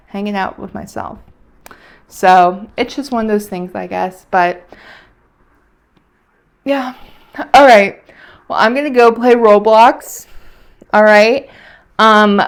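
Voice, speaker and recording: Rambling young woman vlogger. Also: medium pitch. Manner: rambling, emotional, heavy on fillers. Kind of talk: casual weekly catch-up chat.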